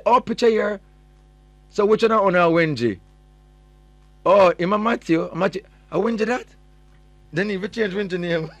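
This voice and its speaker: This is morning radio chat: a man with a Jamaican accent reads listener messages aloud, slipping patois into his English and playfully ribbing his listeners. He has a high, slightly bright voice.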